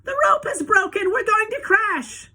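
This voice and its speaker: A woman voicing a panicky, squeamish middle-aged mother in a storybook reading, with a shrill, frantic way of talking. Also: very animated, unhurried, sharp tone, full character voice.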